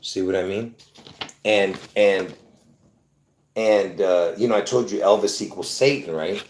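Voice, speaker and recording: A deep, steady, unhurried male voice comes through with reverb and a little hiss or hum. The host gives viewers a rambling explanation, insistent and repetitive, full of restarts and fillers.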